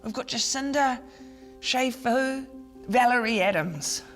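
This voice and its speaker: A woman's voice: slow, faint music behind. A woman, acting out an evasive, flustered minister in a comedy sketch. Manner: evasive, flustered, lively swings in pitch. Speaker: comedian playing a government minister.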